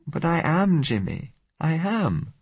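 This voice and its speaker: A man's voice: fairly high pitch, very animated, slow, creaky, husky, no echo, pitched above the performer's own voice, full character voice. A man voicing a frightened, clinging young woman in a storybook reading, pleading and anxious. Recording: slightly dull recording.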